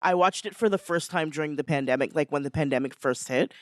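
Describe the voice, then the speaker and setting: A woman's voice: low-pitched, fast talker, dry recording, studio quality. A woman co-hosting a live podcast panel, bubbly and teasing, laughing often. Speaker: podcast co-host.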